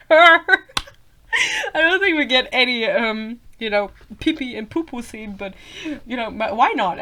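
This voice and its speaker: A young woman hosting a book podcast, ranting casually with swearing and laughter, a little sick and slightly hoarse. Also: medium pitch, fairly bright tone. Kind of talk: casual rant. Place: Germany.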